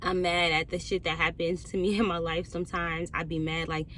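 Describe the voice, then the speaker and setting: Young woman talking aave, bright sharp voice, cussing a lot, quiet then heated. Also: on the low side, little pitch movement, a little fast, a little hiss or hum. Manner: candid, heavy cursing, swings between quiet and heated. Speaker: podcast host. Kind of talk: casual monologue.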